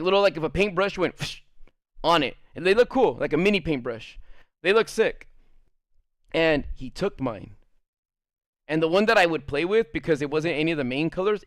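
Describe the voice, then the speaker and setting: A man's voice: a little high, fairly bright tone, clean tone, no echo. A man streamer casually telling a rambling, profane story, laughing as he goes.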